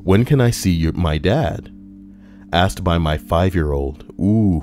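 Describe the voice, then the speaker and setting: A man's voice: on the low side, mellow. A man streaming casual commentary while reading online posts, rambling with crude, sarcastic asides.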